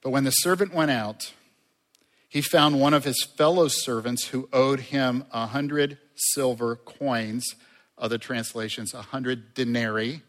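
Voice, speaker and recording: A male pastor delivers a sermon at an unhurried pace, at a middle pitch. He talks to the congregation in a friendly, conversational way and swings into louder, livelier passages. His voice carries a long echo from a large hall. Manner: conversational, with lively rises in loudness and asides to the congregation.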